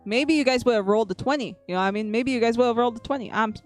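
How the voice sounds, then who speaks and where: Playful high-voiced woman streamer. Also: racing, faint music behind. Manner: playful, teasing, repeats words, laughs often. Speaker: VTuber streamer. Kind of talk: live-stream chat with viewers while drawing.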